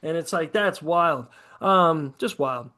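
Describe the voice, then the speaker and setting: A man with a high, light voice holds forth in loose podcast chat. He swears freely, rants with gusto and slips into mocking put-on quotes to make his points. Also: takes it slowly. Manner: profane, animated ranting with mocking quoted asides. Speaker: podcast co-host. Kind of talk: casual sports chat.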